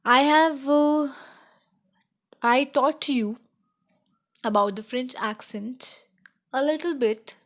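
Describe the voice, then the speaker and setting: A woman teaching a slow beginner French lesson, checking in with "okay?" as she explains each point. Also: high voice.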